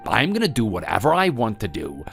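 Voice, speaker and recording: A man's voice: on the low side, huge pitch swings, fairly quick, vocal fry, fairly bright tone, soft background music, exaggerated voice. An actor playing a resentful grown son in a scripted text-story drama, defensive and accusing toward his mother.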